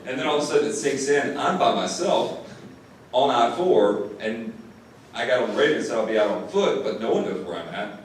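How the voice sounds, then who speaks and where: A man's voice: mid-range voice, lively intonation, brisk. A man who is a sheriff's deputy, telling an audience a first-person story in an earnest way, often repeating words when moved. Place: classroom or lecture hall. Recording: distant mic in an echoey room, faint noise.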